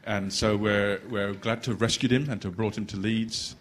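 A man introducing a guest speaker at church, hesitant with many fillers and gently joking. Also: on the low side, fairly even intonation, moderate pace. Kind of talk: church announcement.

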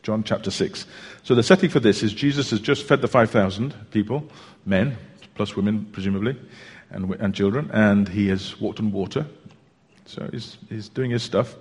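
A preacher talks through a sermon in a relaxed, chatty way, pausing and restarting as he goes. His voice sits low and slightly husky. The sound carries a long reverb from the church hall. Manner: chatty, unhurried storytelling with hesitations. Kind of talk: sermon with a joke.

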